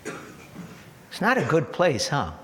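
Man preaching, earnest and repetitive, slow measured pace, long hall reverb. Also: on the high side, wildly swooping pitch, a little hiss or hum. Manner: earnest, repetitive preaching with emphatic builds and soft drops. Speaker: pastor. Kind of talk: sermon.

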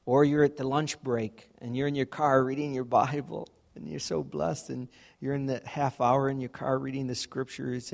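A man's voice: medium pitch, gravelly. Conversational man preaching a sermon. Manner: conversational, acting out everyday examples. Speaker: pastor.

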